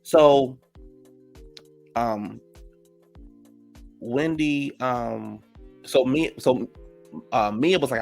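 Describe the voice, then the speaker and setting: A man casually recapping a reality TV episode, gossipy and profane, reacting loudly to the drama. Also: mid-range voice, very slow, vocal fry, long pauses, faint music behind.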